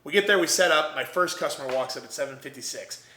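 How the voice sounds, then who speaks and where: A young man, a podcast guest, telling an animated story and acting out the voices of the people in it. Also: fairly high pitch, fast talker, echoey room. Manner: energetic, acts out quoted voices.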